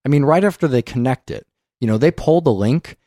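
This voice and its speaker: A man's voice: medium pitch, lively intonation, a little fast, mellow, no room sound, studio quality. A man hosting a film podcast in casual discussion, emphatic and opinionated, swearing often. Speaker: podcast host.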